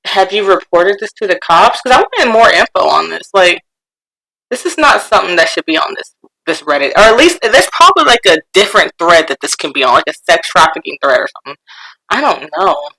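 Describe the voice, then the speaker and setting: A woman co-hosting a podcast, chatting casually and reading forum posts aloud, animated and quick to laugh. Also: lowish voice, vocal fry, low-quality recording. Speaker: podcast co-host.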